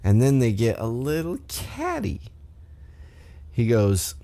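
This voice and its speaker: Mellow, rambling man recapping wrestling. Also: fairly low pitch, sing-song, measured pace. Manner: rambling, profane, self-correcting. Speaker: podcast host. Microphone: desk microphone.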